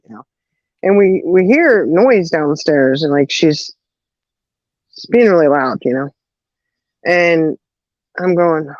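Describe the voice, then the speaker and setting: A woman's voice: low-pitched, moderate pace, dry recording. Woman, casual storyteller, laughs a lot, acts out voices, dry close sound, slightly dull lo-fi. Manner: animated, laughs often, acts out quoted voices. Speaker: podcast co-host telling a story.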